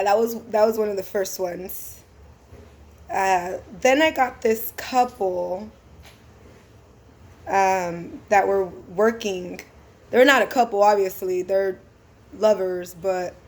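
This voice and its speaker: A woman drives for a rideshare service and tells a casual storytime vlog. She talks slowly, with a relaxed, unhurried delivery. Her speech is chatty and full of slang. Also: mid-range voice. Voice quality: slangy, laid-back and chatty.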